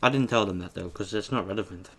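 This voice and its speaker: A young man eating on camera and telling a story in a casual, animated way, swearing freely as he acts out an argument at a shop. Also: lowish voice, fast, background noise. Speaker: mukbang host.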